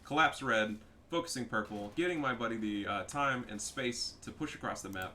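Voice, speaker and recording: A man giving casual, profane commentary over a strategy game, getting loud and excited at big plays. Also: medium pitch, moderate pace, slight background noise. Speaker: gaming commentator.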